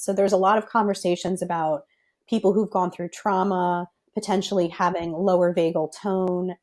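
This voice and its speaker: A woman's voice: lowish voice, a little mellow. A young adult woman, a physical therapist guest on a podcast, explaining things step by step in a thoughtful, careful way.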